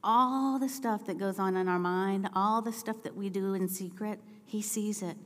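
A woman preaching a sermon in a church, telling personal stories and building to impassioned, shouted appeals. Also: medium pitch, fairly even intonation, normal speed, in a large hall. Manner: storytelling, rising to impassioned shouting. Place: church sanctuary.

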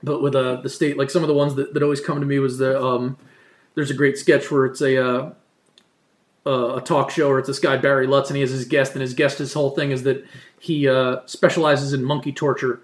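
A man's voice: medium pitch, level tone, a little fast. A man in his thirties from New Jersey, chatting casually and rambling with lots of "you know" and "like". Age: 30s. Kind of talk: casual chat. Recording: roomy echo.

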